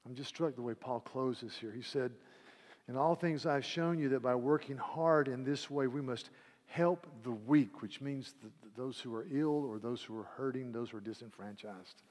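Impassioned preacher in a reverberant hall. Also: male voice, medium pitch, moderate pace. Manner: impassioned, swinging from hushed to loud; repeats words as he builds emphasis. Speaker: pastor. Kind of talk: sermon.

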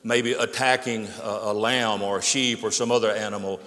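A man preaching a sermon as pastor, telling stories and quoting with emphatic rises, then dropping low and quiet for solemn points. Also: steady tone, moderate pace. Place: church sanctuary. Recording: echoey sanctuary with long reverb.

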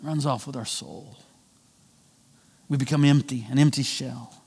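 A male pastor delivering a sermon, swinging between loud emphatic lines and quiet drawn-out phrases. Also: gravelly, breathy edge, big-room sound. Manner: preaching with wide swings of pitch and volume, slowing for emphasis.

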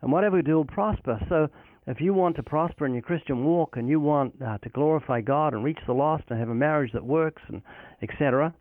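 A man's voice: a little high, a little fast, dry recording. A man speaks as an evangelist guest, preaching with earnest conviction and acting out short exchanges between himself and others. His voice arrives over a tinny, phone-like line. The sound is dry, with no room around it. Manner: earnest preaching delivery, quoting scripture and acting out dialogues. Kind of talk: recorded phone interview about faith.

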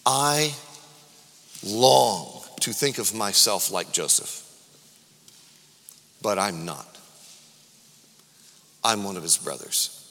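A man's voice: on the low side, extremely slow, vocal fry, long pauses. A man preaching a sermon to his congregation, calling out questions to the room and drawing answers from them. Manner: rising from quiet reflection to loud calls to the congregation. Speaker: pastor. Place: church sanctuary. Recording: long hall reverb from a church.

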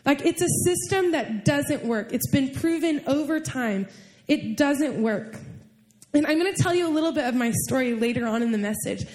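Young female pastor, high-pitched, lively conversational sermon delivery. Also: normal speed. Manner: animated, chatty, with fillers and laughs.

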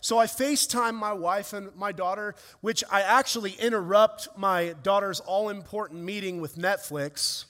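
High-voiced pastor preaching in a reverberant church. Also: male voice, moderate pace, hardly any pauses, a bit bright. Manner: earnest storytelling, emotional swells. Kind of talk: sermon with personal story. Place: church hall. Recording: long reverb of a church hall.

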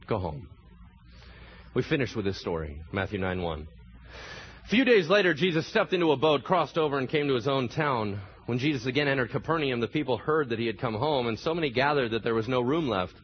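A man's voice: medium pitch, highs cut off, a little hiss or hum. A man preaching a sermon, telling the story with animation and acting out the voices of the people in it. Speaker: pastor.

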